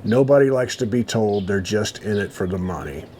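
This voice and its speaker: Male host, low voice, casual read-aloud with asides, faint room hiss. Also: lively intonation, dark tone. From United States. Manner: reads haltingly, stops to comment. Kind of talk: casual chat, reading an old article aloud.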